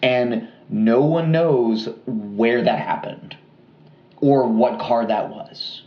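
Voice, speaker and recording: Pria bercerita santai, ruangan bergema. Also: male voice, medium pitch, extremely slow, reverberant, dull audio. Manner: relaxed, many fillers and asides. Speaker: podcast co-host. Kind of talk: casual true-crime storytelling.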